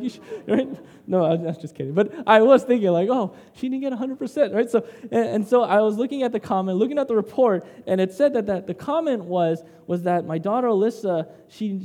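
A man's voice: high voice, dark tone, in a large hall. A man preaching a sermon in a conversational way, telling personal stories and tagging lines with "right?".

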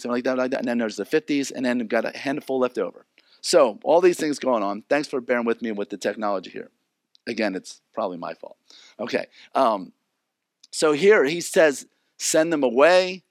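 A man preaching a sermon, animated, acting out the people in his stories. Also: mid-range voice, no echo. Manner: animated, acts out characters. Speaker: pastor.

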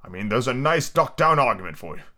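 A man's voice: medium pitch, sing-song, fast, pushed and bright. A man voicing a pompous, touchy male egg-shaped creature who talks down with scornful growls in an amateur podcast book reading. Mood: haughty.

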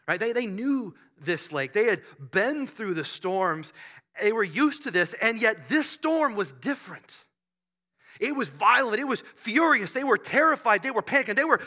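A man preaching a sermon, telling the story with animated bursts and hushed asides. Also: high-pitched. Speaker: pastor.

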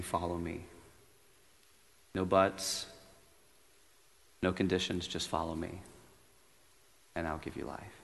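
Low, gravelly man preaching. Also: in a large hall. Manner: earnest, reflective, growing quiet and intimate. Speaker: retreat speaker. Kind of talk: sermon with story reading. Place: room at a retreat.

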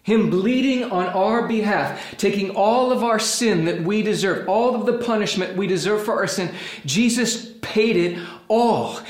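A man delivers an impassioned sermon, his voice sitting high and ringing through a reverberant hall. He swings between hushed, heavy passages and bright, forceful outbursts as he acts out quoted speakers. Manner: impassioned preaching, voices quoted figures with rising pitch and force. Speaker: pastor.

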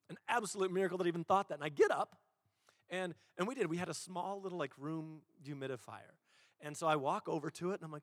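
A man preaching a sermon as a pastor, telling stories in an animated way and acting out the quotes. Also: a little high, a little fast, no echo, clean studio sound, long reverb tail. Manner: animated storytelling, acts out quotes.

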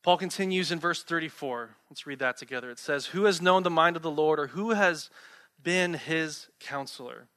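Young male pastor, friendly conversational preaching, bright and a touch high. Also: moderate pace. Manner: conversational preaching with rhetorical questions. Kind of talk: sermon.

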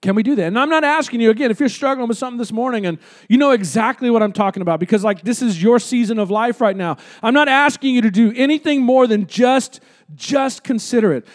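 A man's voice: extremely high pitch, fast. A man preaching a sermon as pastor before a congregation, talking conversationally with rhetorical questions and repeating words for emphasis.

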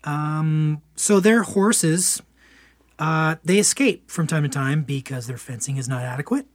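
A man's voice: fairly high pitch, unhurried, dry recording, studio quality. A man co-hosting a podcast in easygoing casual chat, often chiming in with agreement. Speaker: podcast co-host.

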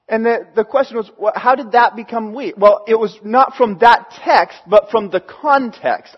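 A man's voice: sits high, muffled recording. A man preaching a sermon in a conversational way, acting out the voices he quotes. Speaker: pastor.

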